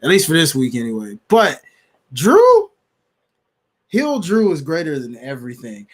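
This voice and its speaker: Male co-host, higher voice with lively swings, slangy and quick to laugh. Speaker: podcast co-host. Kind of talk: casual chat.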